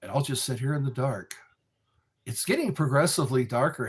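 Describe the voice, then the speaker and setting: Man, husky voice, slow meandering live-stream chat, lively pitch. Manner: slow, meandering, talks to viewers. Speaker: livestream host. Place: dark room lit by a candle.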